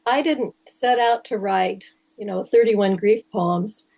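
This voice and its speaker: A woman's voice: medium pitch, takes it slowly, darkish tone. A woman on a video call, speaking in an earnest, reflective way as a participant. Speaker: workshop participant. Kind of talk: casual video call chat.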